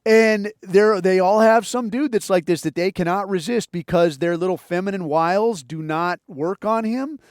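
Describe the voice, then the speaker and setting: A man's voice: high-pitched, moderate pace, hardly any pauses, clear, resonant tone, no room sound, studio quality. A middle-aged man hosting a podcast, telling rambling, profane stories and swearing constantly. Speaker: podcast host. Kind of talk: casual storytelling monologue.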